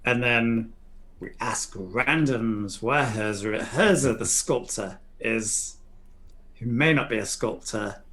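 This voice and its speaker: A man at a tabletop game makes dry, wry remarks at a mid-range pitch. His tone is casual and plain. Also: takes it slowly, a bit bright, slight background noise. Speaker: player. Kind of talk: casual tabletop role-play.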